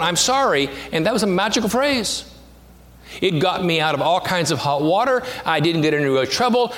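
A pastor preaching a sermon, telling a childhood story, climbing to animated peaks and sinking to a hushed near-whisper. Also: male voice, sits high. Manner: storytelling, rising to animated peaks with self-deprecating humor; drops to a hushed near-whisper on intimate lines. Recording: long hall reverb, faint background noise.

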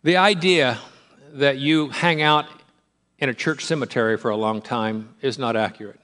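A man preaching a sermon, emphatic and repetitive, swinging between rising fervor and quiet, hushed moments. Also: medium pitch, fairly even intonation, normal speed. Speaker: pastor.

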